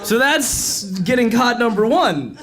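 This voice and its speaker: A young man telling a comic story on stage at a live event, animated, laughing often and filling his talk with "like". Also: extremely high pitch, a little slow, a faint crowd. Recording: noisy live event recording.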